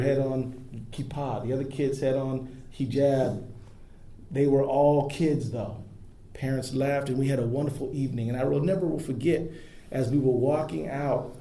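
A man's voice: medium pitch, mellow. A man giving an earnest, emphatic public speech at an interfaith event. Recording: echoey room with faint noise.

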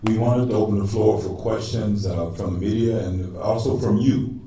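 A man's voice: fairly low pitch, fairly even intonation, moderate pace. Male moderator, off-mic, heavy room echo and noticeable background noise. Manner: announcing, addressing the room. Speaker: event moderator. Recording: distant, echoey hall with noise.

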